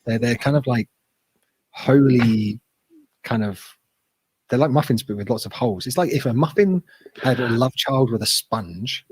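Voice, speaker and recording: A man's voice: medium pitch, animated, normal speed, long pauses, breathy edge, rough recording. A British man from England, chatting casually as a guest and explaining slang with easy humor. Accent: British English. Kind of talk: casual chat.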